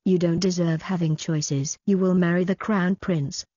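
A woman's voice: on the low side, steady tone, moderate pace, dark tone, breathy edge, no echo, lo-fi sound. A woman reading the part of a cold, cruel middle-aged duke who talks harshly and threateningly to his daughter.

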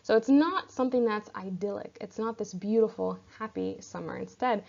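Slightly gravelly woman teaching a lesson. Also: medium pitch, lively intonation, normal speed, darkish tone. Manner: patient, checks in with "right?" and "okay?". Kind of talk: explanatory literature lesson. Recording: dull lo-fi recording.

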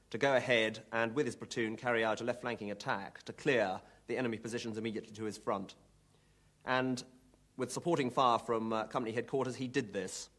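A man, a former company commander, recounting a battle in a measured, understated documentary interview with a dry touch. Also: medium pitch, fairly bright tone.

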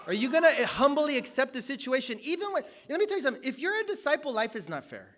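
A man preaching a sermon, telling a personal story, loud and emphatic at times, then dropping to low, quiet asides. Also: big pitch swings, fast, few pauses.

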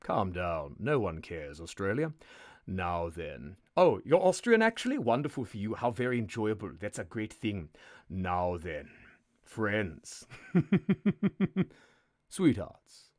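A man's voice: on the low side, big pitch swings, slow, a little mellow. A man hosting a live text adventure game, narrating in a sardonic, mock-menacing, sweary way.

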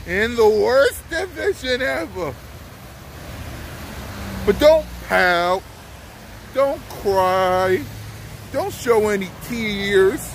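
A man's voice: sits high, fairly bright tone. A man vlogging a mocking, taunting sports rant and laughing often, with faint traffic outside. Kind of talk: trash-talking sports rant.

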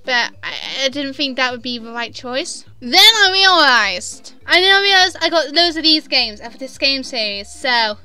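Giggly young woman, bright high voice. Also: expressive, normal speed, few pauses, soft background music. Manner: giggly, chatty, self-deprecating. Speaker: gaming vlogger. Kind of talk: casual vlog, answering viewer questions.

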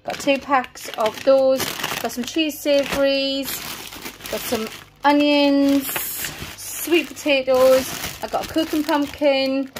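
Recorded indoors at home with background noise, a mother lists off her grocery haul one thing after another in a rambling, casual vlog. She speaks slowly in a high voice with fairly even intonation, and sounds a bit out of breath.

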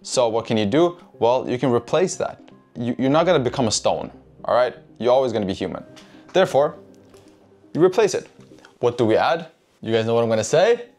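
A man with a medium-pitched, darkish voice talks briskly with lively intonation. He's a trading educator giving a casual lesson, swearing freely, speaking to his chat and tacking "right?" onto his lines, with faint music underneath.

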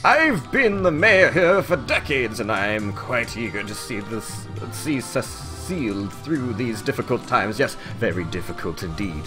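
A man voicing an elderly, proud male town mayor in a video game, with drawn-out, quavery old-man speech. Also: mid-range voice, animated, over music, close to an everyday voice. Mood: pompous. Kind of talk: voicing game dialogue aloud.

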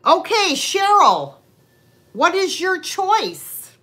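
A woman hosts a live online sale in a slow, unhurried way, her bright voice rising and falling a lot. She chats casually with buyers and makes rambling, self-deprecating asides. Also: extremely high pitch, very animated. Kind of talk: casual live-stream selling chat.

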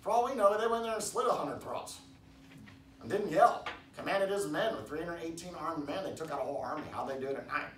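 A man preaching a casual sermon in a church, rambling with restarts and loud emphatic bursts. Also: on the high side, a little fast. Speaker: pastor. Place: church hall. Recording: echoey room, distant mic, faint background noise.

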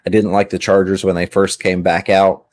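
A man's voice: sits low, flat delivery, moderate pace, a little mellow. A middle-aged man hosting a casual chat, easygoing and rambling, often restarting his sentences. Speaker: host.

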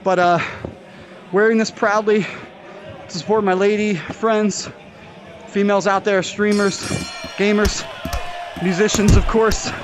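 A man with a fairly high voice curses and rants while throwing punches in a VR boxing game. He is out of breath from the workout and often bursts into shouts. His voice comes through a headset mic. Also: little pitch movement, measured pace, pauses often, crowd noise. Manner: profane, angry ranting with shouted outbursts. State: out of breath from exercise. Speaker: VR fitness vlogger.

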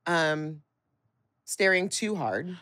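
A woman guest on a podcast, chatting casually with short, light answers. Her voice is bright and clear, with a pitch that moves around a lot. It is recorded dry and close in a studio. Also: lively intonation, drawn-out words, no echo. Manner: laughs easily, answers briefly, speaks lightly. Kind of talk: casual chat.

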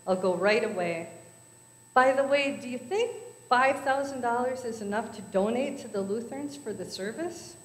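A man's voice: very high-pitched, moderate pace, pitched above the performer's own voice. A woman doing a shrewd old countryman. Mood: earnest. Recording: echoey church hall.

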